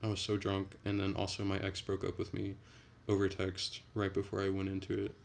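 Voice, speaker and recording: Faint hiss runs under the low, gravelly voice of a young man streaming late at night. He speaks quietly and at an easy pace, rambling as he drifts through messages from chat.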